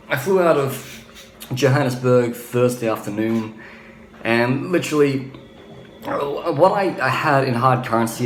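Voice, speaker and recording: A man's voice: mid-range voice, reverberant, a little hiss or hum, poor audio. A young man from Australia talking bluntly in a casual travel vlog, ranting and often restarting his sentences. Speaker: travel vlogger.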